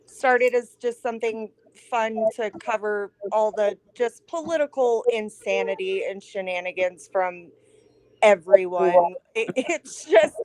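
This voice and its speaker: A woman's voice: a little high, a little mellow, no echo. A woman guest on a casual online show, speaking over a video call in a chatty, apologetic way and laughing often. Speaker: guest, host of a politics show. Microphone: computer mic on a video call.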